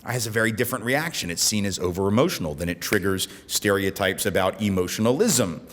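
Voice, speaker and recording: An American man giving a conference keynote, animated and gesturing, often checking in with "right?". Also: fairly low pitch, fast talker. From United States. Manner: animated, talks with his hands, keeps asking "right?". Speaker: keynote speaker. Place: conference hall in front of an audience. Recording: long reverb of a conference hall.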